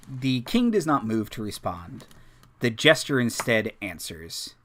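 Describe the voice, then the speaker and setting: A man narrating a tabletop game as game master, unhurried and dotted with fillers. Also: fairly low pitch, lively intonation, a bit bright.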